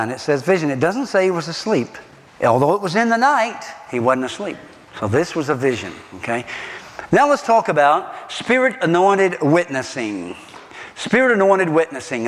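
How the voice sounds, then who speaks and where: A middle-aged man, preaching a sermon as pastor, animated, asking the congregation rhetorical questions. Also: fairly high pitch, big-room sound.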